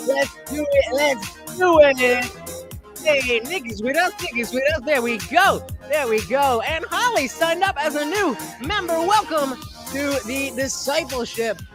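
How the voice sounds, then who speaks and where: A man live streaming, chatting casually with his audience, hyped and shouty, profane, dropping to mumbled asides. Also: very high-pitched, expressive, a little slow, music in the background.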